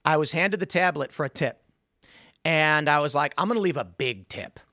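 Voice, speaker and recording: Fast-rambling man telling stories in a dry studio. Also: a little high, expressive, sharp tone, dry recording. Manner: rambling storyteller, acts out quoted voices. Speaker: show host. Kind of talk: casual studio chat.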